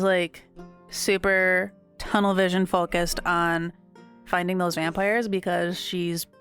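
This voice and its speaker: A woman playing a tabletop game, describing what her character does in a thoughtful way, with fillers and trailing phrases. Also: medium pitch. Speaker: player. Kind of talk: casual tabletop game chat.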